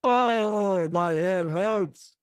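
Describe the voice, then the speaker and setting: A man with a high voice hosts a fan watchalong, reacting to the match as it happens. He talks slowly, drawing out his groans and exclamations. The sound is dry and close. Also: clear, resonant tone, dry recording. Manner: emotional, groaning and exclaiming with each moment. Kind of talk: live match reaction commentary.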